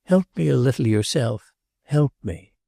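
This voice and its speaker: A male audiobook narrator voicing a restless, earnest princess who speaks gravely and pleads. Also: medium pitch, expressive, a little slow, dark tone, no echo, studio quality, heavily acted. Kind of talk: audiobook character reading.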